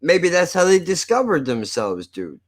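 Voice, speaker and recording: A man's voice: fairly high pitch, sing-song, moderate pace. Joking, foul-mouthed male streamer. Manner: profane, joking, laughs often. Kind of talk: casual live-stream chat.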